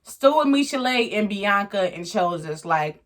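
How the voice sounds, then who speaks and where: A woman's voice: medium pitch, expressive, measured pace, a little hiss or hum. A woman giving a blunt, slangy, opinionated recap of a reality show in casual commentary. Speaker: reality TV reviewer.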